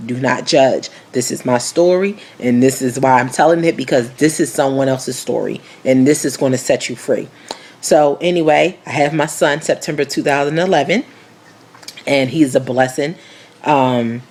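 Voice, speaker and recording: A woman in her twenties giving a candid personal testimony, frank and animated, with casual slangy speech full of fillers, acting out the voices in her story. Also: very deep voice, normal speed, breathy edge. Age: 20s. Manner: frank and animated, acts out quoted dialogue.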